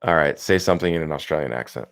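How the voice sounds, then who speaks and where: Low-voiced male host for a relaxed video call chat, jokey and easygoing. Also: rapid-fire. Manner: easygoing, joking, many ums. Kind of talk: casual live video chat.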